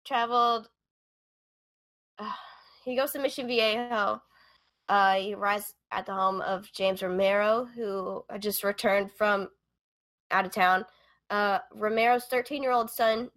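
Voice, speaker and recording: A woman walks her co-hosts through a true-crime case in casual podcast chat. Her voice sits at a middle pitch, and she talks in a loose, storytelling way with plenty of fillers and asides. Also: fairly even intonation, a little slow, a bit bright. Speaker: podcast co-host telling the case. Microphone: remote call.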